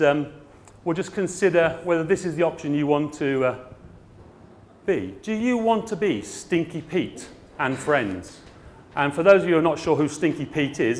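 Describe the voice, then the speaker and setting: Man, middle-aged, blunt and joking on stage, lively higher voice. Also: slight background noise. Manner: blunt, comic, puts on voices. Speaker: garden centre owner and speaker. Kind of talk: conference talk.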